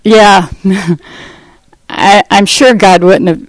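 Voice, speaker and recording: A middle-aged woman telling her personal testimony in an earnest, conversational way, pausing and restarting as she goes. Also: mid-range voice, steady tone, no echo, low-quality recording. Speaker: speaker giving a testimony.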